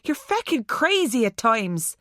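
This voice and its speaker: Lady narrator putting on a hurt irish guy, slurring and groggy, slow dry read. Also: on the high side, sing-song, fairly bright tone, dry recording, pitched above the performer's own voice. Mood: dazed, aggrieved. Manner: slurred, barely audible. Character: injured young Irish man, dazed and slurring.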